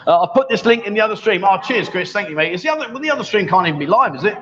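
A man in his fifties hosting a casual livestream from a bar, joking and bantering loudly with guests. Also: sits high, animated, very fast. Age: 50s. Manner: jokey, banter-heavy, loud. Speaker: livestream host. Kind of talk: casual live-stream chat. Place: bar in Pattaya. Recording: dull, lo-fi livestream sound.

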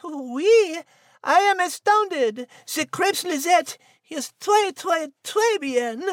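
A woman's voice: very high voice, lively intonation, slow pace, no room sound, clean studio sound, full character voice. A woman voicing a dainty female cat with a put-on French accent, refined and playful. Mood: charmed.

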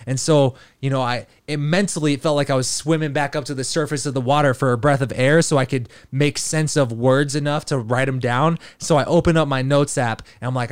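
A man's voice: mid-range voice, moderate pace, clean tone, no echo, studio quality. A man hosting a podcast, telling a rambling casual story full of fillers and swearing. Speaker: podcast host.

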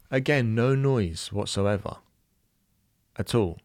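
A young Irish man telling a personal story in a halting, emotional way, full of fillers and restarts. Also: mid-range voice, lively intonation, dry recording, clean studio sound. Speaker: new father telling a birth story.

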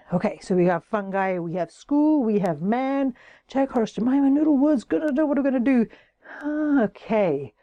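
Playful woman storyteller for kids, bright and animated, dry close sound, slightly high voice. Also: dry recording. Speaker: children's storyteller and host. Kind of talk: children's story narration.

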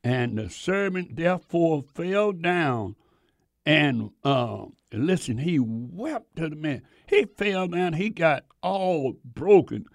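A man preaching a sermon, reading scripture haltingly and breaking off into folksy, animated asides. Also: on the high side, creaky, dry recording, studio quality.

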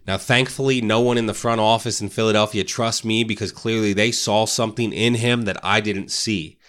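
A man's voice: lowish voice, fairly even intonation, moderate pace, fairly bright tone. A man hosting a motivational talk for realtors, casual, often tagging "right?" onto his points. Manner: casual, keeps asking "right?". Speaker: real estate podcast host.

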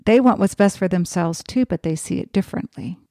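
A woman who is a geriatric nurse hosting a podcast, telling stories from her work in a calm, earnest, explanatory way. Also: lowish voice, fairly quick, creaky, no room sound, studio quality. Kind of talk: storytelling podcast monologue.

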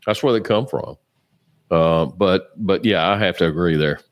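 A man with a very deep voice chimes in with eager little agreements during a casual podcast chat. The sound is close and dry, with no room in it. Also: moderate pace, no echo.

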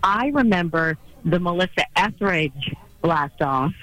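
A woman's voice: fairly low pitch, expressive, measured pace, a bit bright, rough recording. A woman in her late fifties from Rhode Island, a former radio colleague chatting and teasing playfully over the phone. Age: 50s. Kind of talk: casual chat on a phone call. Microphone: phone line.

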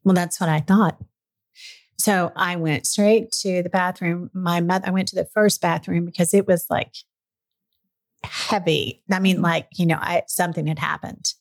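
A middle-aged woman guesting on a podcast tells a personal story casually and candidly, occasionally emotional. She talks at normal speed in a steady, somewhat low voice.

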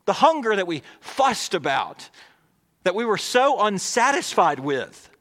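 A male pastor preaching a sermon, swinging between emphatic, raised lines and hushed, near-whispered ones. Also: high voice, big pitch swings, measured pace, in a large hall.

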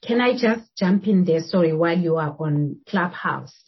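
South African woman podcast host, very husky, low-ish voice, lively and laughing, muffled remote line. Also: normal speed. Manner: laughs often, animated. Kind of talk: casual chat.

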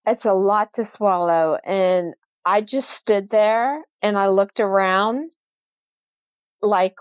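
A woman's voice: mid-range voice, takes it slowly, smooth, dry recording, highs cut off. Give me a middle-aged woman telling her story. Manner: vivid storyteller who acts out quoted voices. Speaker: guest. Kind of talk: personal storytelling in an interview.

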